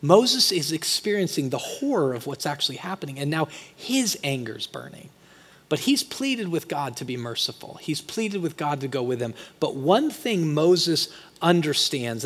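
A man preaching a sermon as pastor, talking conversationally and swinging from quiet asides to loud, emphatic peaks. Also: on the high side, husky. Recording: long hall reverb.

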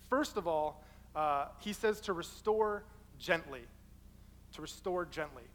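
A young man preaching a sermon, casual and animated, and telling stories from his own life. His voice sits high for a man. The sound carries the long reverb of a large hall. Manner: casual, animated, acts out quoted people in his story. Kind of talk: sermon with personal storytelling.

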